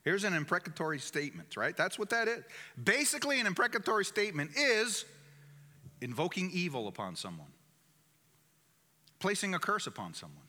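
A man's voice: sits high, very animated, fairly quick, sharp tone. A man preaching a sermon in an emphatic way, repeating key phrases for weight. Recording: echoey hall.

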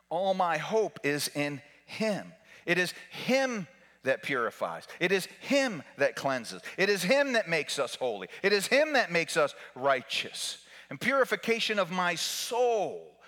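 A man preaching a sermon in a church, moving from shouted repeated lines to hushed near-whispers. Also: fairly high pitch, long reverb tail.

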